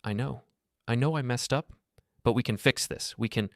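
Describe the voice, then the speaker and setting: Brief: man playing a desperate grown son in an audio story, pleading, sobbing, higher and thinner than the narrator, dry close sound. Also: normal speed, gravelly, no room sound, natural voice. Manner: pleading, breaking into sobs.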